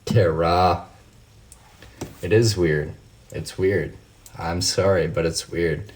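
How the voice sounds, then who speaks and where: A man's voice: deep voice, fairly even intonation, slow pace, a little mellow, slight background noise. Fired-up, profane man ranting to his viewers. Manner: talks straight to viewers by name. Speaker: livestream host. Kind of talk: casual livestream chat answering comments.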